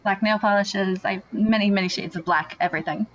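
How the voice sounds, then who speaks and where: A woman's voice: mid-range voice, fairly even intonation, brisk. A woman chatting as an interview guest, upbeat and full of fillers. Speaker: podcast guest. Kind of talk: casual interview chat. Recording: dull lo-fi audio with faint noise.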